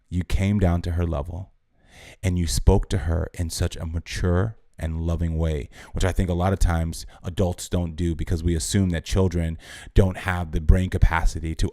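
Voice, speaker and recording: Deep gravelly American man, calm. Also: no room sound, clean studio sound. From United States. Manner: calm, measured, sincere. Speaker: guest, TV host giving advice. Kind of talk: earnest advice in conversation.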